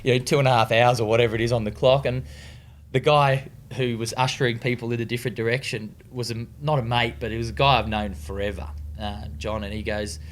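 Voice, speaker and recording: This interview guest, a retired distance runner from Australia by his accent, talks fast in a mid-range voice with little pitch movement. His storytelling is easygoing and profane, riddled with fillers and restarts.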